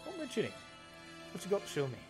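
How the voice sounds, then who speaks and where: A man voicing a gruff but friendly male dwarf king who says aye and lad. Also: high voice, huge pitch swings, quick pace, music in the background, voice pushed up. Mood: jovial.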